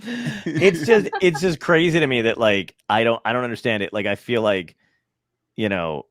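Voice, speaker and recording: A man's voice: medium pitch, animated, moderate pace, fairly bright tone, dry recording, clean studio sound. A man hosting a podcast in casual chat, rambling, laughing easily and swearing often. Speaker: podcast host.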